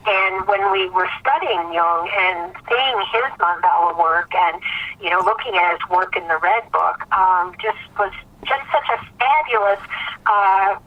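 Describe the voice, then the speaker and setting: A woman guest in a casual conversation, speaking in a reflective, heartfelt and halting way. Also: medium pitch, highs cut off.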